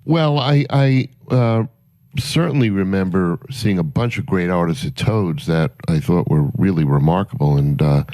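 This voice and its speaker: Man, deep, mellow, rambling radio anecdotes, dry sound. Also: moderate pace, no room sound. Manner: rambling anecdotes with many fillers. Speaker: concert promoter guest. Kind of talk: casual radio storytelling.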